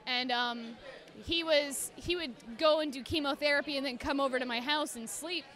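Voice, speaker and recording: A young woman chatting as a podcast guest, telling animated stories and acting out quotes in voices. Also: high voice, normal speed. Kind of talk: casual chat.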